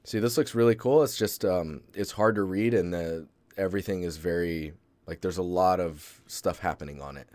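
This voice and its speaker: In a loose live-stream critique of an art portfolio, a deep, very low-voiced man rambles at a moderate pace, using lots of fillers and stopping to restart his thoughts. The audio is close and dry, with no echo and barely any room around it.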